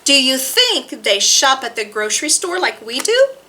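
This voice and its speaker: A woman hosting a library storytime, reading rhymes and picture books aloud to toddlers in a sing-song, expressive way. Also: high-pitched, moderate pace. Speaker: children's library storytime host.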